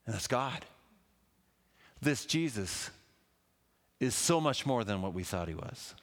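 A man preaching a sermon in a lively, conversational way, with asides to the congregation. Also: mid-range voice, takes it slowly. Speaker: pastor. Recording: long hall reverb.

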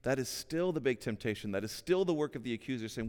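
A man's voice: mid-range voice, fairly quick, hardly any pauses, a little mellow, smooth. A man in his forties preaching a sermon in a church hall, earnest and conversational, often repeating a word as he starts a phrase. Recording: long reverb of a hall.

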